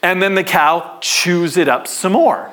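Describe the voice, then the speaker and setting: A man preaching a sermon to his congregation in a church, conversational and animated, with call-and-response. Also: sits high, measured pace. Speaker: pastor.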